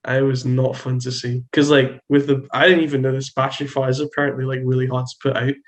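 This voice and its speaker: A young man with a Trinidadian accent, chatting casually on a podcast. He tells animated stories, with "like" in nearly every phrase, at a medium pitch. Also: fast. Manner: animated storytelling, lots of filler "like". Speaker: podcast host. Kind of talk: casual chat.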